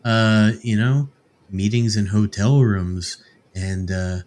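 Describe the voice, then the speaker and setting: A man's voice: lowish voice, slow pace, a little mellow. A man hosting a podcast, chatting casually in an easygoing, self-deprecating way. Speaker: podcast host.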